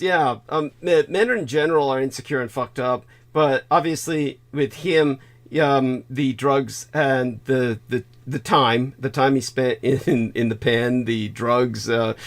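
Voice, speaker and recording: A man hosting a casual chat, talking haltingly with repeated words and frequent laughs. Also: medium pitch. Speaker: host.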